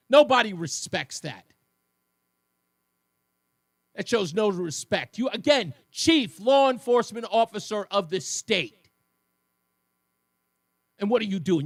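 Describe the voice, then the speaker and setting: Fiery, lively high-voiced talk radio host. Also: male voice, vocal fry, dry recording, studio quality. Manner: fiery, mocking, mimics others in shrill voices. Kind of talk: opinionated talk radio monologue. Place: radio studio.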